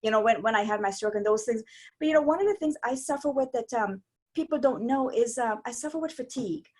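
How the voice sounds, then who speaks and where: A woman, a stroke survivor telling her story as an interview guest in a rambling, animated way with many restarts. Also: fairly high pitch, fast talker. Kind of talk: casual interview chat.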